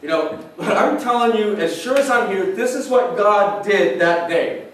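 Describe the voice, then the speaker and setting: A middle-aged male pastor telling a personal story in a sermon, emotional and halting, often restarting his sentences. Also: high voice. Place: large church hall. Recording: echoey church hall from far off, faint noise.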